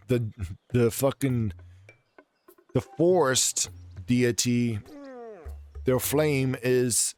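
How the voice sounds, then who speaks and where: A man's voice: medium pitch, darkish tone. A man giving casual, profane, joking commentary on a video game he plays, his voice sore from talking. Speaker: gaming channel host. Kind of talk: casual let's play commentary.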